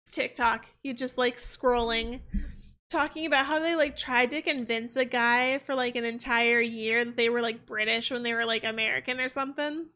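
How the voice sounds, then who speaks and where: A woman's voice: fairly high pitch, steady tone, normal speed, sharp tone. A young woman streaming a game, chatting casually in a rambling way. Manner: rambling, full of fillers and restarts. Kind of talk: casual chat while gaming.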